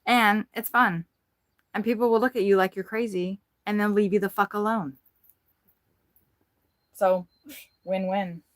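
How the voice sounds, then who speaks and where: A woman's voice: medium pitch, fairly even intonation, measured pace, pauses often, no echo, studio quality. A woman vlogger giving a rambling, frank tour of her RV, chatting casually and swearing freely. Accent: Midwestern American. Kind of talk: casual chat. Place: inside an RV.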